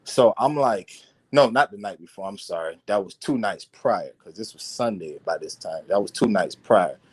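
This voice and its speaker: A man telling a personal story in casual conversation, animated and slangy, swearing and repeating words as he goes. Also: lowish voice, moderate pace, husky.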